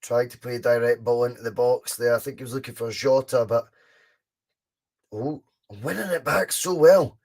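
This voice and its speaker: A young Scottish man hosting a live fan watchalong, chatting casually, reacting excitedly to the match and answering viewers' comments. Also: mid-range voice, normal speed. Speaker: podcast host doing a live fan watchalong.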